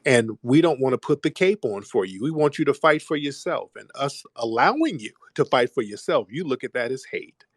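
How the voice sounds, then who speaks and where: A man runs a call-in show and argues hard, talking over callers and saying things twice. His voice sits at a middle pitch. The sound is dry and close. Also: lively intonation, normal speed, hardly any pauses, breathy edge, no room sound. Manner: forceful, repeats himself, cuts callers off. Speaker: host of a call-in audio show. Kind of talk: argumentative call-in talk.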